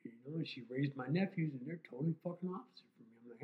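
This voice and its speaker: A man's voice: fairly high pitch, very fast, hardly any pauses. A man in his fifties, a podcast guest talking candidly about his life in a blunt, rambling way, swearing freely. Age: 50s. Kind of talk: candid personal conversation. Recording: tinny phone-like sound in an echoey room.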